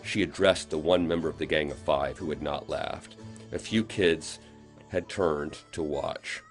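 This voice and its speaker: A man, the author, reading his own novel aloud in expressive audiobook narration. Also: extremely low pitch, unhurried, faint music behind. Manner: expressive storytelling.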